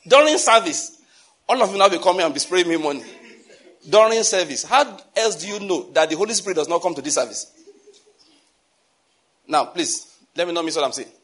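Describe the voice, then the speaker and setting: Nigerian preacher, man, husky and slightly high voice, lively storytelling sermon with pidgin asides. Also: fast, pauses often. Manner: animated, laughing asides, mixes in pidgin.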